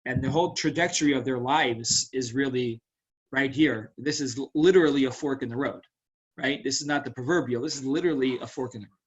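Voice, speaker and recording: Here a rabbi with a mid-range, breathy-edged voice talks a little fast over lo-fi audio. He explains Torah verses in a relaxed storytelling style, full of asides, with lots of "right?" and "you know" as he animatedly teaches.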